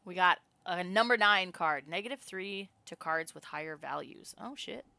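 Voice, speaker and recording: A woman streaming a game, excitable and swearing freely, muttering card counts and reading the story text aloud. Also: lowish voice, normal speed, vocal fry, no room sound.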